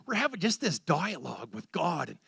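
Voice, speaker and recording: A man preaching, telling a story with excitable energy and acting out the voices in it. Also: a little high, a little fast, vocal fry, slightly rough, dry recording. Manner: animated, excitable storyteller who acts out voices. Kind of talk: sermon storytelling.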